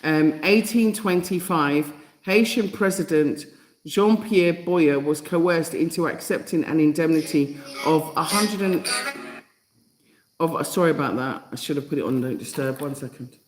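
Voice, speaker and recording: A woman's voice: deep voice, unhurried. A woman hosting a live stream in a casual way. She reads from notes, restarts her sentences, giggles to herself now and then, and answers viewers' comments directly. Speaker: livestream host. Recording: echoey room.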